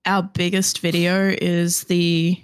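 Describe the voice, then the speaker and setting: Woman co-host, lively storyteller, dry close recording. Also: lowish voice, slow pace, smooth, dry recording. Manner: animated storytelling with laughter and swearing. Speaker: podcast co-host. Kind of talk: casual chat.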